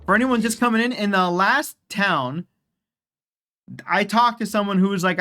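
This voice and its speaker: A man's voice: high-pitched, normal speed, fairly bright tone. A man casually commenting on a game during a live stream, chatty, rambling and profane.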